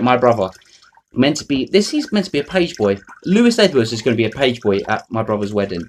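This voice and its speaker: A man's voice: mid-range voice, very animated, fast, a little hiss or hum. A man, ranting to camera in a rambling, foul-mouthed, mocking way. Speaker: vlogger. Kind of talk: unscripted rant to camera.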